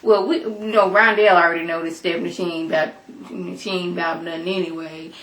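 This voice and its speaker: A woman's voice: lowish voice, steady tone, a little fast, fairly bright tone. A woman giving a casual, opinionated recap of a TV episode, talking it through with lots of asides. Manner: chatty, opinionated, storytelling with asides. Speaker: TV episode reviewer. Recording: echoey room.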